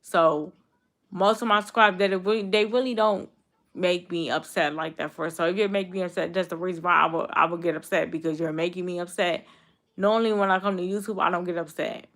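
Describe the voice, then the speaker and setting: Young woman in her 20s on a stream, aave, low-ish voice, blunt and repetitive, talking back to chat. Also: steady tone, brisk, fairly bright tone. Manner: blunt, repetitive, talks straight back to commenters. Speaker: YouTube streamer. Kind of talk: casual live-stream chat with viewers.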